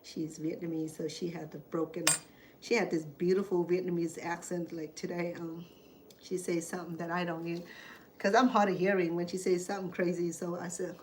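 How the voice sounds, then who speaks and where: A woman's voice: fairly low pitch, flat delivery, fairly quick, a little hiss or hum. A woman with a Cambodian accent, a native Khmer speaker, hosting a cooking show and chatting in a rambling, storytelling way in her home kitchen. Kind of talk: casual chat while cooking.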